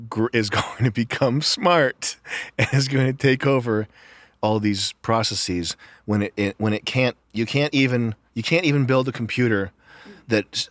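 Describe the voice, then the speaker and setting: A man's voice: fairly low pitch, a bit bright, no echo. A man co-hosting a casual podcast chat, sarcastic and piling up long, incredulous rhetorical questions. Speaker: podcast co-host.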